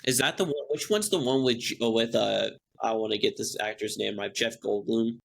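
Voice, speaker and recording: A young man co-hosting a podcast, talking casually in a halting way with many fillers. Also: fairly low pitch, gravelly. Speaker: podcast co-host. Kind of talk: casual chat.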